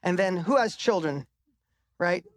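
At a measured pace and with an expressive, high-sitting voice, a middle-aged motivational speaker talks live on stage into a microphone. He relates a personal story with emphatic swearing, his pitch rising for the punchlines.

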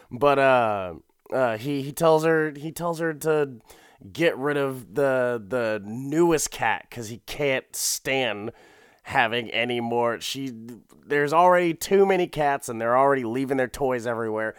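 A young man recaps an episode with a smooth, clear voice that sounds dry and close-miked. He rambles, swears freely and laughs between his sentences. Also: mid-range voice, a little slow, no room sound. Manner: rambling and profane, with frequent laughs and restarts.

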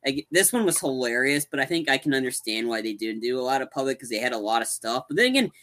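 A man co-hosting a podcast, giving a casual, rambling, animated retelling of a movie with many restarts. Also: medium pitch, fast. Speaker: podcast co-host. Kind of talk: casual movie recap chat.

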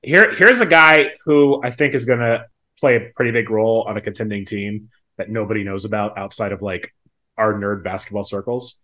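A man's voice: lowish voice, fairly quick, pushed and bright. A man co-hosting a casual sports podcast in an easygoing way. He thinks aloud and hedges his picks with small fillers. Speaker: podcast co-host. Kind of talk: casual chat.

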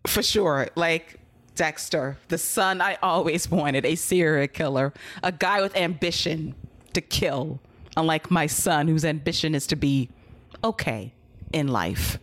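A woman's voice: low voice, measured pace. A woman hosting a casual podcast, recapping in a blunt, profane and sarcastic way. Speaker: podcast host.

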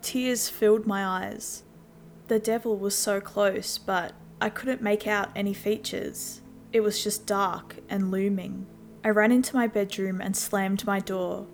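A woman narrating a first-person horror story in a steady storytelling voice. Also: medium pitch, a little hiss or hum. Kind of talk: scripted scary story narration.

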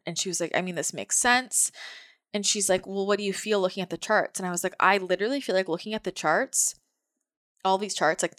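A young woman telling a personal story casually, animated and full of fillers, often laughing and acting out her own reactions. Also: mid-range voice, dry recording, studio quality. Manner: breathless, animated, filler-heavy retelling, frequent laughs. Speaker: vlogger.

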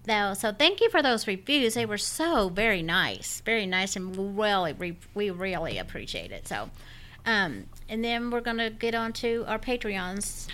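A woman's voice: medium pitch, expressive, normal speed, a bit bright. A woman co-hosting a podcast, chatting cheerfully and affectionately with listeners. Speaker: podcast co-host. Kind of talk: casual chat.

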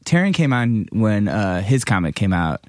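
A man hosting a casual podcast interview, easygoing and quick to laugh. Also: fairly low pitch, very animated, no room sound, clean studio sound. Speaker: podcast host.

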